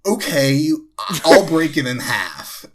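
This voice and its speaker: Slow, rambling young man from New Jersey. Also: fairly high pitch, big pitch swings, crowd noise. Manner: rambling, full of fillers and restarts. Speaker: podcast co-host. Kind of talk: casual storytelling.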